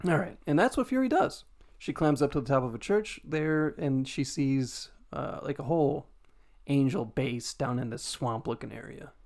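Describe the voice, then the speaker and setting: A man hosting a podcast who recaps a story in loose, casual talk. He laughs often and swears freely. His mid-pitched voice carries a rough gravel. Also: lively intonation, moderate pace, a little mellow. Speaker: podcast host.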